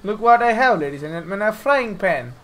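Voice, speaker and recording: An Indian-accented man narrates his gameplay with playful, jokey self-talk. His voice sits notably high. Faint music plays underneath. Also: lively intonation, a little fast, fairly bright tone. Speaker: gameplay streamer. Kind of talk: let's-play commentary.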